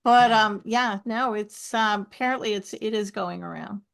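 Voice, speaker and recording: A middle-aged woman, a podcast guest, telling stories with lively asides. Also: medium pitch, normal speed, gravelly. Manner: animated storyteller, lively asides. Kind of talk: podcast conversation.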